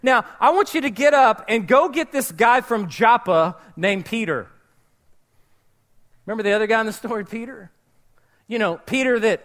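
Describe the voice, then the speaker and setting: A man's voice: very high-pitched, animated, normal speed, fairly bright tone. A man preaching a sermon, telling a Bible story and acting out its characters' voices. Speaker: pastor.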